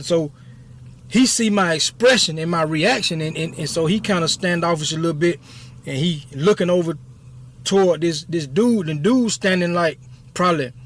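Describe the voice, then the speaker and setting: A man in his fifties telling a story from his past in a casual, rambling way, often checking in with "you know what I'm saying". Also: a little high. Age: 50s. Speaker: YouTube storyteller.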